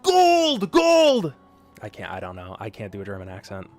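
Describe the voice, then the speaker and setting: A low, level-toned voice racing along over faint background music. The American man chats during a live gaming stream, teasing viewers in a loose, joking way that frequently trails into fillers.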